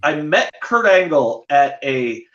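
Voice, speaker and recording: A man's voice: fairly high pitch, big pitch swings, slow, fairly bright tone, roomy sound, dull audio. A man, a podcast guest, rambling through casual stories with many fillers and restarts. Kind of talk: casual storytelling chat.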